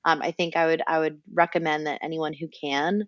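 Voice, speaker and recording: Chatty low-voiced woman, slightly dull audio. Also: little pitch movement, brisk, no room sound. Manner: bubbly, chatty, uses "like" a lot. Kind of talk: casual chat.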